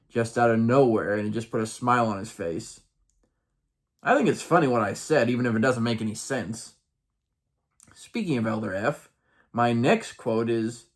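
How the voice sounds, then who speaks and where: A man's voice: mid-range voice, a little slow. A man in his late thirties reading aloud from a personal journal, with wry, amused asides and playful lifts in his voice.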